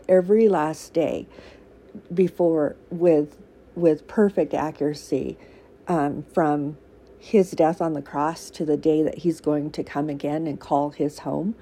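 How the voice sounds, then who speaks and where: Low gravelly earnest woman. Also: mellow, slight background noise. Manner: earnest, emotional, laughs often, many fillers. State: teary. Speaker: faith podcaster. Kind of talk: casual devotional talk.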